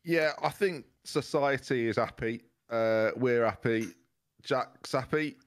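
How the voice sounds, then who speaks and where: A man co-hosting a game stream, cracking wry deadpan jokes with friends over a voice call. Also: medium pitch, slow pace. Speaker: co-commentator and podcast co-host. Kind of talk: casual banter.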